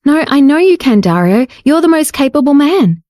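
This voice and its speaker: A shy, affectionate young woman speaks in a raised, earnest voice, as a woman narrator puts her on. Her tone is warm and mellow. The recording is close and dry, with no room sound. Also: big pitch swings, moderate pace, no room sound. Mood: tender. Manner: pitched up, earnest and emotional. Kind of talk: audiobook character voice.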